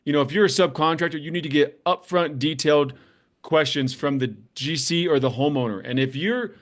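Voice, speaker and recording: A man hosts a construction business show, giving blunt, plainspoken advice to camera, telling stories and swearing now and then. His voice is fairly high and his pace brisk.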